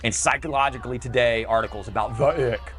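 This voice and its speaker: A man's voice: mid-range voice, fast talker, fairly bright tone. Man ranting bitterly, voice breaking with emotion. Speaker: video commentator.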